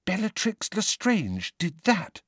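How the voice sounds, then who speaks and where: A clever teenage girl speaks in a hushed, horrified voice, as a male narrator puts her on. Her pitch sits well above his own and she talks slowly. The sound is close and dry. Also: wildly swooping pitch, dry recording, heavily acted.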